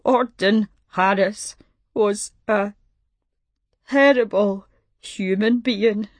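A woman's voice: a little high, fairly even intonation, no echo, voice pushed up. A woman reading as a sobbing middle-aged man on the phone. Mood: grieving. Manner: crying, halting between sobs. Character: sobbing desperate middle-aged male caller. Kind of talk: audiobook reading.

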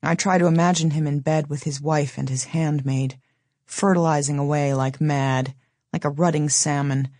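A woman narrating an audiobook in the first person, measured and low-key, with a wry edge. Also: fairly even intonation, darkish tone, no room sound, clean studio sound.

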